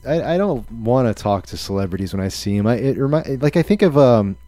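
A man's voice: mid-range voice, expressive, fairly quick, mellow, no room sound. A man co-hosting a podcast, chatting in a dry, laid-back way and often trailing off. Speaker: podcast co-host. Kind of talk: casual chat.

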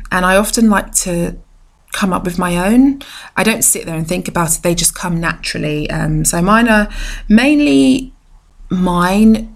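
A woman hosting her own podcast, talking casually and reflectively, full of fillers and restarts. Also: lowish voice. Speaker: podcast host. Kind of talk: casual solo podcast monologue.

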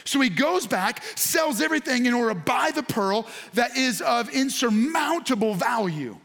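High-voiced man preaching with animated shouts. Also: moderate pace. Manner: animated, bursts into excited shouts; addresses congregation and online viewers directly. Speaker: pastor. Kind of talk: sermon.

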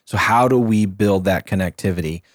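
Low-voiced man giving motivational business talk. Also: moderate pace, no echo, studio quality. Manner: thoughtful, rambling, motivational. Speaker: co-host. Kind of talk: casual morning show chat. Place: studio.

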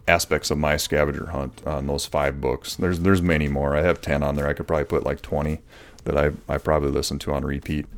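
A man hosting a solo podcast in casual, rambling talk with many fillers, in a voice he says people find soothing. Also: rumbling low. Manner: relaxed, rambling, with frequent fillers and restarts. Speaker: podcast host.

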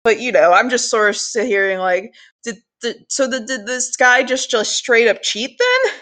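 A woman co-hosting a podcast, chatting casually about an episode, animated and swearing freely. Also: on the high side, moderate pace. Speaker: podcast co-host. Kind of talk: casual recap chat.

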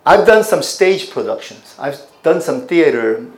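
A man with a fairly high voice preaches a teaching sermon, stopping often to put questions to his listeners. The recording carries the roomy echo of a church sanctuary. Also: very animated, a little slow. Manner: teaching, asks the congregation questions. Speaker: pastor.

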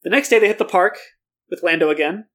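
A podcast co-host chatting casually and retelling a book's plot in an animated way, acting out the characters' lines. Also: male voice, high voice, quick pace.

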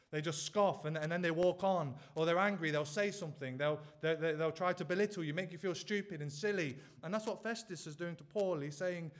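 A man preaching a sermon, pressing his listeners with earnest, repeated rhetorical questions. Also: a little high.

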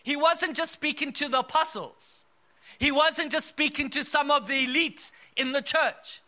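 A man from South Africa delivering an emphatic sermon, telling stories with bursts of laughter. His voice sits very high for a man, with a sharp, bright edge. He builds his points in a rousing preaching style. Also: normal speed.

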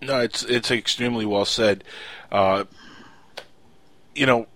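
A man's voice: medium pitch, takes it slowly, fairly bright tone, no room sound. A man hosting a live talk radio show, speaking casually with many fillers and restarts.

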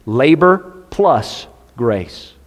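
A man's voice: medium pitch, big pitch swings, very slow. A man preaching a sermon, speaking conversationally and quoting scripture in King James wording. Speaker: pastor. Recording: long hall reverb.

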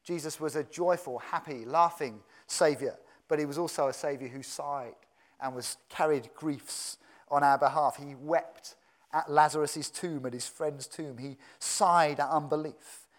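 A man's voice: fairly high pitch, fairly even intonation, measured pace. A man preaching a sermon as pastor, earnest and conversational, with asides to the congregation.

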